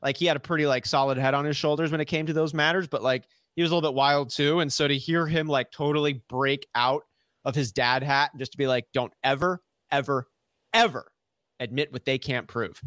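A man tells a story in casual podcast chat, his voice a touch higher than most. He acts out every quote and often laughs. The sound is close and dry. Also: fairly even intonation, quick pace, a bit bright, clean tone, dry recording. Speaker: podcast co-host.

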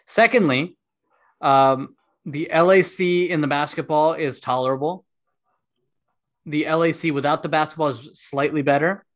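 A man's voice: on the high side, fairly even intonation, moderate pace. A man hosting a casual podcast, emphatic and opinionated, repeating his points. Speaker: podcast host. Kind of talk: casual chat.

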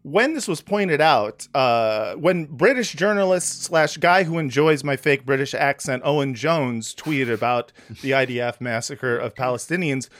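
A man's voice: medium pitch, animated, unhurried, few pauses, fairly bright tone. A man hosting a comedy podcast, talking in a sarcastic, rambling way with many fillers. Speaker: podcast host. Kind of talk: casual comedic podcast chat.

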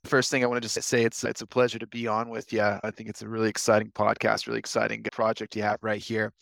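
A man's voice: fairly low pitch, monotone, fast talker, creaky, a bit bright, dry recording, low-quality recording. A young American man, an interview guest, telling his story in an easygoing, enthusiastic, rambling way. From United States. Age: young adult.

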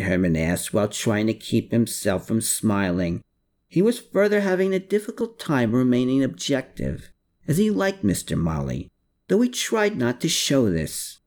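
A man's voice: deep voice, expressive, unhurried, a little mellow. A man narrating an audiobook, reading the story's tags and descriptions between lines of dialogue.

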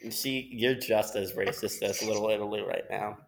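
A man's voice: lowish voice, steady tone, normal speed, gravelly, a little hiss or hum. A man joining a podcast as guest, chatting casually, laughing often and rambling. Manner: laughing, joking, loose rambling talk.

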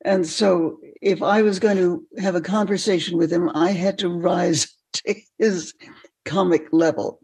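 Gravelly older woman telling stories. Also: fairly low pitch, unhurried. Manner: animated, laughing often. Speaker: guest. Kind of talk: storytelling in a podcast interview.

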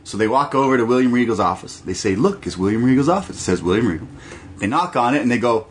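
A man co-hosting a casual wrestling podcast, talking in an animated, profane way and acting out quotes in silly voices. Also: mid-range voice, fast talker, a little hiss or hum. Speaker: podcast co-host.

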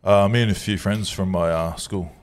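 A man's voice: sits low, fairly even intonation, moderate pace. A man co-hosting a casual podcast chat, laid-back and laughing often as he reads out listener questions. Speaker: podcast co-host.

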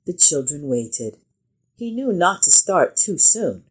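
Woman reading a kids picture book out loud, low husky voice, slow and gentle. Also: rough recording. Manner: gentle expressive storytelling. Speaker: children's story reader. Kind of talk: picture-book read-aloud.

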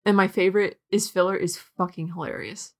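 A woman co-hosting a podcast in casual chat, excitable, swearing freely and laughing often. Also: fairly low pitch, brisk. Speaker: podcast co-host.

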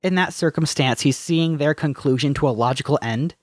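A man with a fairly high voice chats bluntly on a podcast. He swears casually and explains things with eager enthusiasm. The sound is dry and close. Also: fairly quick, no room sound. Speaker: podcast co-host. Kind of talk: casual chat.

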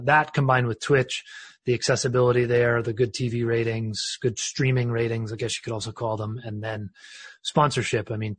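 A man's voice: mid-range voice, breathy edge, dry recording. A man hosting a casual sports podcast, talking in a discursive way with frequent restarts. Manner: discursive, lots of restarts and fillers. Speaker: podcast host.

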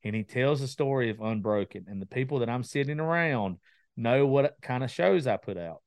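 A man's voice: mid-range voice, expressive, moderate pace, no room sound. Male podcast host, casual storyteller, dry close sound. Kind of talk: casual chat.

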